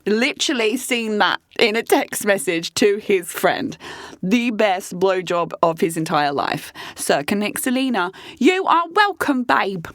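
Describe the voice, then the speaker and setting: A woman's voice: medium pitch, very animated, unhurried, fairly bright tone, dry recording, clean studio sound. A young adult woman hosting a podcast, talking candidly and bluntly with lots of swearing and laughter. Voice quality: brash, profane, laughs often. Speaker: podcast host. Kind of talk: candid solo podcast chat.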